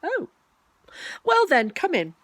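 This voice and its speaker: A woman's voice: very high voice, wildly swooping pitch, slow, no echo, pitched above the performer's own voice, exaggerated voice. A woman voicing a fussy, polite rabbit in a storybook reading, prim and flustered. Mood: flustered welcome.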